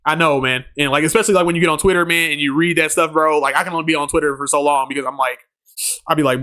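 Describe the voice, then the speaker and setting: A man's voice: fairly high pitch, fairly even intonation, very fast, sharp tone. A man streaming a game live, reading chat aloud in a laid-back, slangy way and laughing often.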